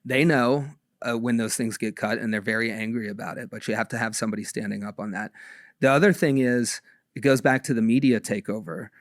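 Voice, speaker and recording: A man giving interview answers in a measured, careful way, pausing with ums as he builds his points. His voice is on the low side and recorded dry and close. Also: fairly even intonation, dry recording. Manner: measured, with many ums and restarts. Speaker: interview guest.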